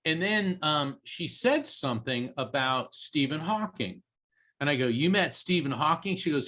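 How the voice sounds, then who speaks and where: A man, a podcast guest, telling a long anecdote with lively energy and acting out the quoted voices. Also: medium pitch. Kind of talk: animated storytelling in a podcast interview.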